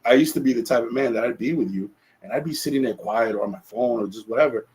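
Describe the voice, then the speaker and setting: A man's voice: medium pitch, quick pace, darkish tone, poor audio. A man hosting a solo podcast, talking earnestly and reflectively, often restarting his phrases. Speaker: podcast host.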